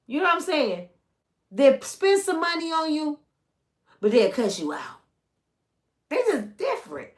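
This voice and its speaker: A woman's voice: high voice, sing-song, unhurried, long pauses. A middle-aged woman from the United States chatting casually and teasingly as a channel host, drawling and chatty. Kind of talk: casual gossip commentary.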